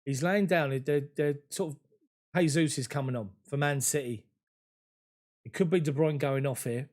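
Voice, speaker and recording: A fairly high-voiced man commentating on a football match from his home. He talks quickly and emotionally in a chatty fan's play-by-play. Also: a little mellow. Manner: rapid, emotional, conversational play-by-play. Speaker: fan commentator.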